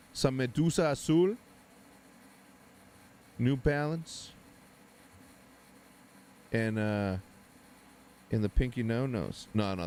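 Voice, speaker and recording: A man in his forties, a native Spanish speaker, chatting casually with his viewers while hosting a live watch party, with loud bursts of hype. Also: mid-range voice, a little hiss or hum. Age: 40s. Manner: animated, hypes things up with loud exclamations. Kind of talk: casual live-stream chat.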